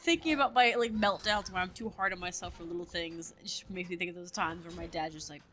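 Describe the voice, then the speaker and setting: A woman's voice: fairly low pitch, fast talker, few pauses, a bit bright, soft background music. A woman chatting casually while playing a game, telling stories in a rambling way and laughing often. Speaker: gamer. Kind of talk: casual gameplay commentary.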